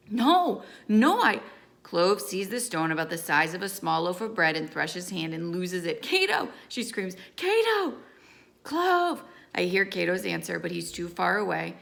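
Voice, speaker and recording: A woman reading a novel aloud in steady first-person storytelling. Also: on the low side, creaky. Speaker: audiobook reader.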